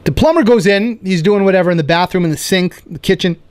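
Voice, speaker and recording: A man hosting a comedy podcast, riffing in a rambling, animated, self-mocking monologue indoors. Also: high-pitched, fast. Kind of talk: casual rambling stand-up monologue. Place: indoor room.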